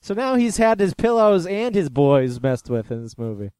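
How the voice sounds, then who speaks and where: A man hosting a casual podcast chat, retelling a movie's plot with animated storytelling and acted-out quotes. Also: high-pitched, normal speed, clean tone, no echo. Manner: lively storytelling, acts out quotes. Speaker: podcast host recapping a film.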